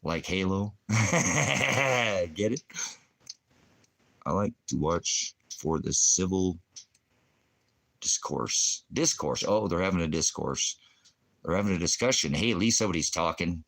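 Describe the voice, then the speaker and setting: A man's voice: low voice, expressive, unhurried, vocal fry, fairly bright tone. A man hosting a ministry stream, ranting in a rambling, combative way, full of puns and profanity. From Oregon, USA. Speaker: ministry host.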